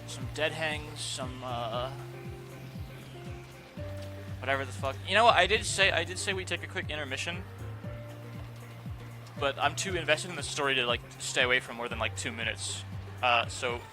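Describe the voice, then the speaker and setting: A man's voice: mid-range voice, moderate pace, pauses often, over music. A young man streaming from his room, chatting casually with his viewers, swearing offhand and talking to his pet. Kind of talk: casual live-stream chat. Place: home room. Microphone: desk microphone with noise gate.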